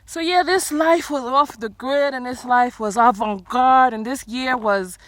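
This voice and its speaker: A woman giving earnest life advice in a vlog, filmed outdoors in the snow, repeating phrases and swinging between loud and hushed. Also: high voice, a little slow, dry recording. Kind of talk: motivational vlog.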